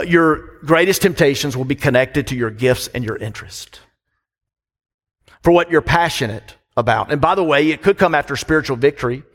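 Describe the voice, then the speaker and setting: A man's voice: medium pitch, fairly bright tone. A pastor preaches in an easy, conversational way, often turning questions back on his listeners. His voice sits in a middle range for a man. The sound carries the long reverb of a large church hall. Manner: conversational, asks the congregation questions. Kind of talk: sermon.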